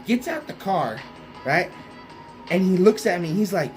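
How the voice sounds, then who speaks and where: A man's voice: high voice, expressive, moderate pace, faint music behind. A young man telling a casual, rambling anecdote, keeps asking his listener "right?". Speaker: vlogger. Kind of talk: casual storytelling.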